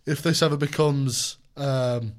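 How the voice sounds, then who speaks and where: A man's voice: mid-range voice, fairly even intonation, unhurried. Jokey rambling young man co-hosting. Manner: jokey, rambling with many ums and restarts. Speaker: podcast co-host. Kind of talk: casual chat.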